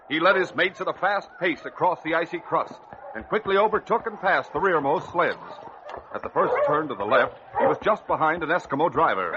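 A man narrates a radio drama in a vivid, driving way. His voice sits slightly high. The old recording sounds dull and carries a loud hiss.

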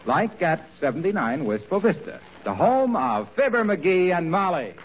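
A man's voice: sits high, sing-song, normal speed, heavy background noise. A male announcer reading a wry scripted introduction in old-time radio style. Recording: dull old radio recording.

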